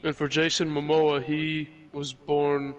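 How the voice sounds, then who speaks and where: A man in casual chat, calm and matter-of-fact, offering facts. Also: fairly high pitch, takes it slowly.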